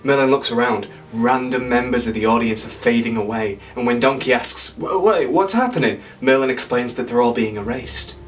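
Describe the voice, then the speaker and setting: A man's voice: medium pitch, little pitch movement, brisk, hardly any pauses, recorded from a distance, a little hiss or hum. A man retelling an imagined sequel in a casual, comic way, rambling and correcting himself with playful asides. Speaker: storyteller pitching a sequel.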